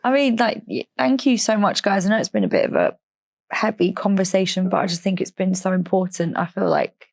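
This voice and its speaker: A woman's voice: medium pitch, expressive, a little fast, darkish tone, no echo. A woman hosting a podcast, thanking guests enthusiastically as she wraps up. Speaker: podcast host. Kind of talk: podcast wrap-up.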